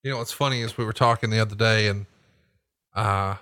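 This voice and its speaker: A man co-hosting a podcast, telling stories in a profane, animated way. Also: on the low side, brisk, no room sound. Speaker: podcast co-host. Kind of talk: casual podcast chat.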